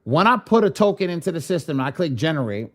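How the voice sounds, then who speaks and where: A man acting as software trainer, speaking casually and in slang straight to the viewers of a live online class. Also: on the high side, big pitch swings, fast talker.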